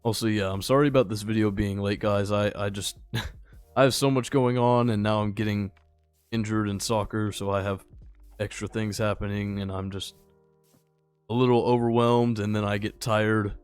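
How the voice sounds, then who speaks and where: A man's voice: lowish voice, fairly even intonation, normal speed, clean tone, soft background music. Easygoing young man narrating gameplay. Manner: rambling, easygoing, talks to the game animals. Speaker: gaming channel host. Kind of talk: casual gameplay commentary.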